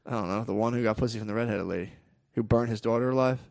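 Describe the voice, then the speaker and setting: A man's voice: fairly low pitch, very fast, vocal fry, darkish tone, dry recording, studio quality. A young man co-hosting a podcast, chatting in loose, profane, slangy banter. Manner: laid-back, profane, slangy, puts on silly voices for quotes. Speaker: podcast co-host. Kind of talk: casual crude banter.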